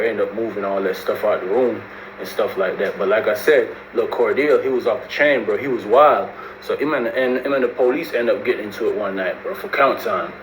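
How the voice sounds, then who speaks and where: Man, casual storytelling, slangy and animated, mimics quoted voices, roomy echo, faint background noise. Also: on the low side. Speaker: storyteller recounting prison life.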